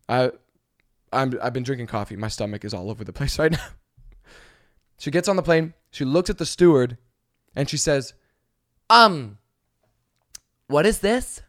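A man telling a story in a casual vlog, animated and swearing, with many fillers. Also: mid-range voice, no echo, studio quality.

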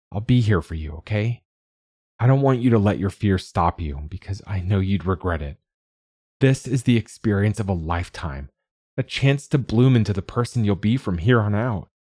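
A man voicing a husky, encouraging storybook dad. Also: on the low side, darkish tone. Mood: reassuring. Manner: reassuring, earnest pep talk. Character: supportive middle-aged father, encouraging, affectionate. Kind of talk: audiobook dialogue.

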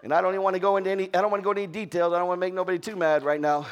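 A male pastor from Florida with a Southern accent, preaching a sermon. He calls out to the congregation and moves from shouted peaks to quiet, low storytelling. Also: flat delivery, very fast, highs cut off. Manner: call-and-response, often asking "are y'all with me".

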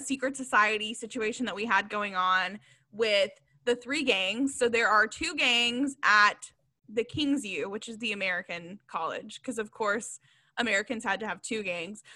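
Giggly, bright, higher-voiced woman. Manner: giggly, rambling, frank opinions. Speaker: podcast co-host reviewing a book. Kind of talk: casual book review chat.

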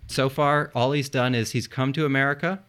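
Male podcast host, mid pitch, casual storyteller who jokes and curses while explaining history. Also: steady tone, fairly quick, clean tone. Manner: joking, swears, spells words out loud.

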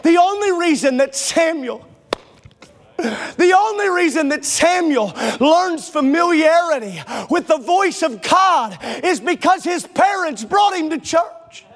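High-voiced impassioned preaching man. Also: animated, a little slow. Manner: impassioned, builds to shouting, stretches key phrases. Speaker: pastor. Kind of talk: sermon. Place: church sanctuary before a congregation.

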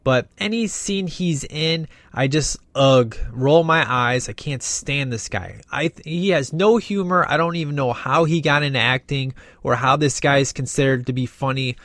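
A man's voice: mid-range voice, moderate pace, few pauses, a bit bright, dry recording. A man giving a casual, opinionated spoken movie review, rambling with many fillers and restarts.

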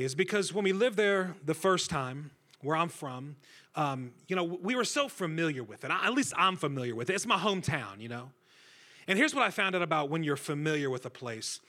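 Guest preacher, man, bright forceful tone, slightly high voice, jokes with the room. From Centralia, Illinois. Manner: energetic, joking, talks with the crowd. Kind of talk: sermon. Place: church stage before a congregation.

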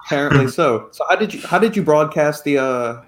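A man's voice: on the high side, a little fast. Teasing male podcast host. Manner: teasing, laughs often. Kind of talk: casual podcast chat.

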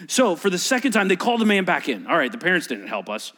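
Animated male pastor preaching. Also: high voice, fast talker. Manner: animated, acts out the story's voices, repeats words. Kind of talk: sermon.

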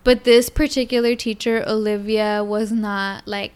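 A young woman chatting casually and telling a story in an animated way, acting out a little child's lines. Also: medium pitch, measured pace, clean tone. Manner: animated storyteller, acts out her toddler's lines. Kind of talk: casual chat.

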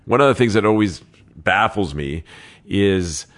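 Real estate agent, male, deep voice, chatty storyteller with quoted dialogue. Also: measured pace. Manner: animated anecdotes with laughs and quoted dialogue. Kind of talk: interview storytelling.

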